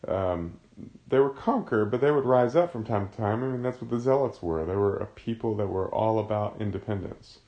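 A man's voice: lowish voice, moderate pace, highs cut off. A man teaching a casual Bible study, explaining a passage in a conversational way.

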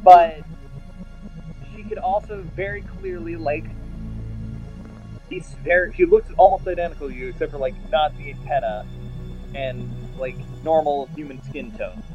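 A man's voice: on the high side, normal speed, pauses often, mellow, dull audio, soft background music. A man narrating as game master of a tabletop role-playing game, telling the story with many fillers and restarts.

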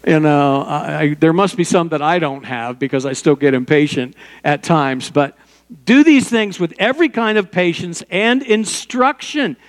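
A man's voice: on the high side, animated, normal speed, long reverb tail. An older man preaching a sermon as pastor, in a conversational way with personal stories and small asides.

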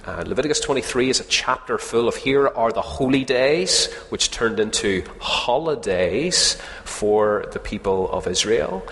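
A man delivers a sermon in an easy, joking, conversational way, turning to put questions to the congregation. His voice sits at a middle pitch for a man. A long reverb trails after each phrase, as in a large church hall. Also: lively intonation, measured pace, hardly any pauses, fairly bright tone. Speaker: preacher.

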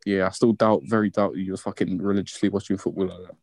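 Fast-talking teasing young man. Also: sits low, level tone, darkish tone, dry recording. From North London. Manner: teasing, swearing, repeats insults. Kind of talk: casual banter.

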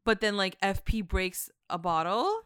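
A woman chatting through a TV recap, quoting characters and leaning on "like." Her voice is smooth and clear at a middle pitch, and the sound is dry with no room echo. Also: big pitch swings, a little slow, a bit bright. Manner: chatty, says 'like' a lot, quotes characters. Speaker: podcast co-host. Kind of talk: casual TV recap chat.

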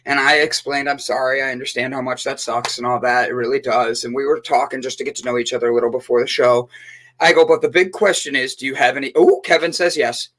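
A man's voice: medium pitch, fairly even intonation, fast talker, a bit bright. A man hosting a casual on-air chat, playful and joking, rambling with restarts. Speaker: host.

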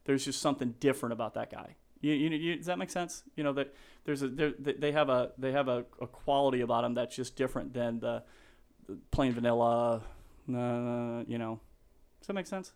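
A man's voice: medium pitch, fairly quick, creaky, a little mellow, clean tone. A middle-aged man, a real estate agent, talking in an earnest, openly sentimental way on a casual podcast interview. He rambles and restarts often.

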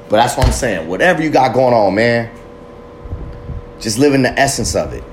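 A man of middle pitch delivers a swearing, passionate pep talk on recovery, full of tangents and blunt confessions. A faint hiss of background noise sits behind his voice. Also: animated, moderate pace, long pauses. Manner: fiery, swearing, rambling with tangents. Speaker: recovery motivational speaker. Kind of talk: profane motivational monologue.

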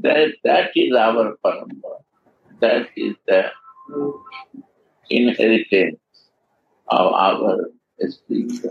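A man speaking as a guru, teaching slowly with emphatic devotional statements, on a dull lo-fi recording. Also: on the low side, gravelly, breathy edge.

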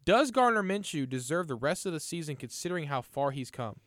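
A man's voice: fairly high pitch, sing-song, brisk, no echo, clean studio sound. A man hosting a casual sports chat, upbeat and chatty, a bit under the weather. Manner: leads the talk, upbeat and chatty.

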